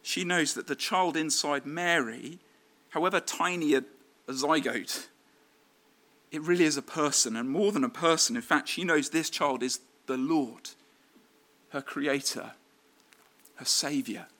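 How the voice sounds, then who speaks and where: A man preaches a sermon in a bright, clear voice that sits a little high. He talks conversationally, with fillers and restarts. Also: measured pace, pauses often.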